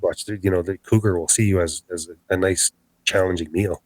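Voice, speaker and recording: A low-pitched man tells a first-hand story of a scary night outdoors, his delivery lively as he acts out every line of dialogue. The sound is dry and close, with no room around him. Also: fairly quick, no room sound, rough recording. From Canada. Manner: animated, acts out quoted dialogue. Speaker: podcast guest. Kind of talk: storytelling an encounter.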